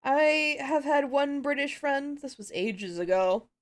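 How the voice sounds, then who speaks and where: A woman's voice: high-pitched, expressive, a little slow. A woman streamer chatting casually and laughing at herself while dubbing a game.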